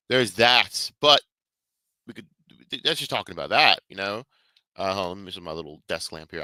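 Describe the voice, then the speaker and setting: Casting note: man in a profane streamer rant, very bright and lively voice, dry close sound. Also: lowish voice, no echo. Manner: profane, ranting, heavy swearing. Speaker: streamer commentator. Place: small room at a portable desk.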